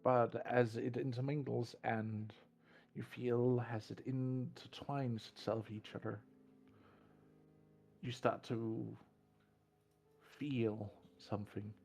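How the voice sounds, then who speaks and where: Male game master, unhurried, vivid scene narration, restarts his words often. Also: mid-range voice, fairly even intonation, creaky, darkish tone. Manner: deliberate, descriptive, with frequent restarts.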